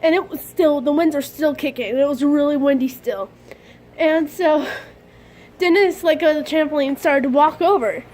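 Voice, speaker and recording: A young woman casually telling a story to her vlog camera, excitable and a bit dramatic, often giggling. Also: high voice, moderate pace. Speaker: vlogger.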